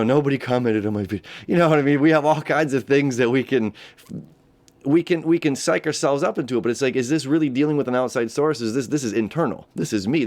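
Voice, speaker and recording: Rambling man talking astrology. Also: medium pitch. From United States. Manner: rambling, self-correcting, often laughing. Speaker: astrology host. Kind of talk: casual spoken horoscope talk. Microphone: camera setup.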